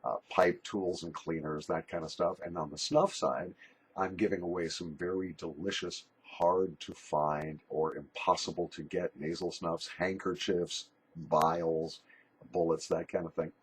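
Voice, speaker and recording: A man's voice: sits low, fairly even intonation, a little slow, a little hiss or hum. An older man recording a casual video letter as a pipe and snuff YouTuber, jokey, rambling and a little bawdy.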